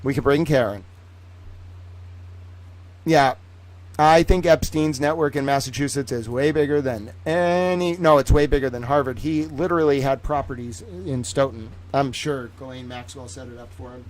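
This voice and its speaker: A man hosting a casual livestream, talking in an excitable, rambling, profane way. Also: medium pitch, normal speed. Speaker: livestream host.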